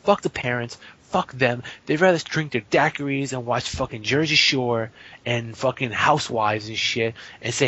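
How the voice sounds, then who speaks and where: A man rants in a casual podcast, swearing often and sneering as he goes. His voice is husky, mid-pitched and rough-edged. The recording sounds muffled and lo-fi. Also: moderate pace, bright, forceful tone. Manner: profane, ranting, sarcastic. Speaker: podcast guest. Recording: muffled lo-fi audio.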